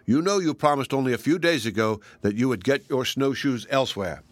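A man's voice: medium pitch, animated, fairly quick, dry recording, close to an everyday voice. A man voicing an anxious magpie bird that speaks in a trembling, imploring voice. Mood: pleading. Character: anxious pleading mother magpie.

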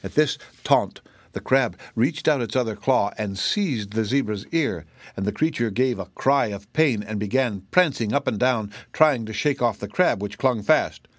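Man narrating a storybook, steady delivery, dry close sound. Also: medium pitch, moderate pace, no echo. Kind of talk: audiobook reading.

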